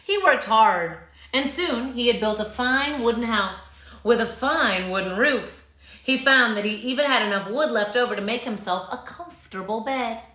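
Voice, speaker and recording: Animated woman reading a storybook aloud. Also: fairly high pitch, moderate pace. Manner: lively, coaxes listeners to join in. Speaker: children's read-aloud host. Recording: roomy echo.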